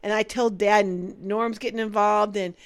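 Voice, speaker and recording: A woman's voice: mid-range voice, moderate pace. A woman who co-owns a business, animatedly telling a story in casual chat and acting out the dialogue. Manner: animated, acts out quoted dialogue. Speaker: business owner.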